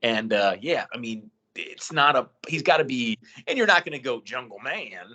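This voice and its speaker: A man's voice: medium pitch, animated, normal speed, sharp tone, highs cut off. A man co-hosting a casual wrestling podcast, agreeable and chatty, building on the others' ideas. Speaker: podcast co-host. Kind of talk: casual wrestling news chat.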